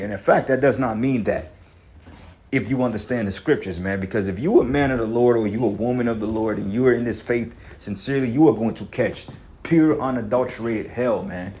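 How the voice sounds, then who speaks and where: Male preacher, low voice, heated, profane livestream rant. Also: brisk, darkish tone. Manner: repetitive fillers, frequent "man". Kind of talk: livestream scripture teaching.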